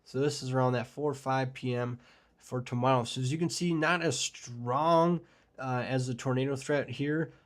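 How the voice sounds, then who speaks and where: A man's voice: medium pitch, steady tone, moderate pace. Casual rambling male weather streamer. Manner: casual, rambling, enthusiastic about storms, many fillers. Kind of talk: live forecast discussion with chat.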